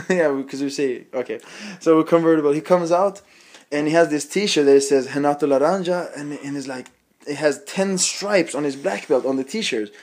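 Giggly podcast host. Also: male voice, fairly high pitch, normal speed, a little mellow. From Sweden. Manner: giggly, laughs often between lines. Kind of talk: casual storytelling chat.

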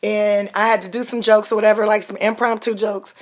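A woman's voice: medium pitch, brisk. A comedian, telling stories about her life in a chat. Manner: animated, acts out quoted voices loudly. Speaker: comedian guest. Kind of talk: storytelling interview chat.

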